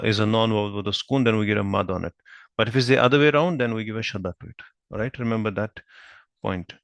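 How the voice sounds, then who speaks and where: This Arabic grammar teacher has a medium-pitched, fairly bright voice with vocal fry, captured in a dry recording. Working at a whiteboard, he patiently explains every point, slowly spells out the Arabic terms, and often checks for understanding with questions.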